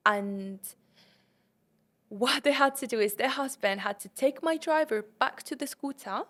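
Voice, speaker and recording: A young woman hosting a podcast, telling a travel story in an animated way and acting out her own panicked lines. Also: sits high, unhurried. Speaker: podcast host.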